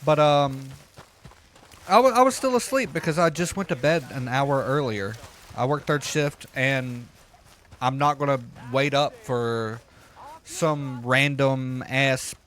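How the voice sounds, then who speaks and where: A man casually telling a rambling, profane story while he plays a game, getting loud and heated as he retells it. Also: medium pitch, a little hiss or hum. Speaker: gaming streamer telling a story. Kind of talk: casual storytelling over gameplay.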